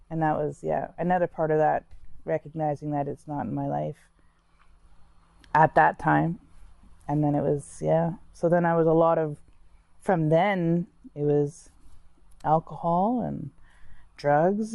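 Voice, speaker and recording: A woman speaks candidly about her own life, talking conversationally and circling back over her words. Her voice is dark and a little gravelly, and the recording is dry and close with no room sound. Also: low-pitched, dry recording. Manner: candid, conversational, with frequent restarts and "like". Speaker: interviewee sharing her story. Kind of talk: personal storytelling.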